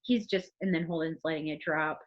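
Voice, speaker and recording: Brief: woman teacher, low-ish voice, chatty thinking-aloud lesson, muffled recording. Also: fairly even intonation, brisk, noisy background. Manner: thinks aloud, reading passages from the book. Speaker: teacher and podcast co-host. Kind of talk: casual literature lesson podcast.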